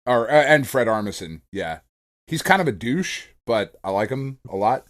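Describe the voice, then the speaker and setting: Animated, swearing male podcast co-host. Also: mid-range voice, moderate pace. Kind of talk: casual chat.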